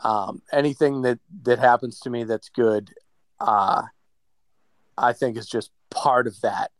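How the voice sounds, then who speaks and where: Smooth-voiced man in dry close sound. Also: medium pitch, a little slow, no room sound. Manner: reflective, talks about faith. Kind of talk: casual conversation.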